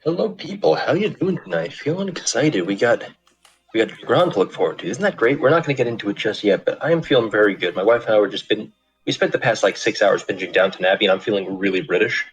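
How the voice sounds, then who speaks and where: Male co-host, low-pitched, rapid jokey banter. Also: animated, soft background music. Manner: fast joking banter. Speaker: stream co-host. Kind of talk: casual gaming stream chat.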